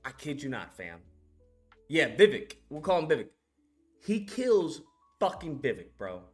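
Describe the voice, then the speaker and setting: An excitable YouTuber retelling a film in a swearing, heated rant, with a voice that leaps up and down all the time. Faint music plays underneath. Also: medium pitch, a little slow, breathy edge. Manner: excitable, swears freely, acts out scenes. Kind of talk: casual profane movie-review rant.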